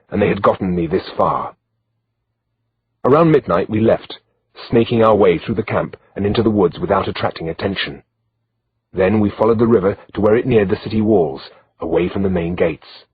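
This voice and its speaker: A man reading a medieval novel aloud as an audiobook narrator, in a steady, measured way. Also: lowish voice, slightly rough, narrow, tinny audio.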